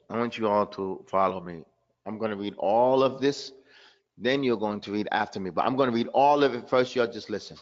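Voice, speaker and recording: A man teaching recitation in a live online class, drilling sounds over and over and mixing Arabic terms into his explanations. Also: mid-range voice. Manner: drills pronunciation by repeating sounds. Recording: dull lo-fi online class audio.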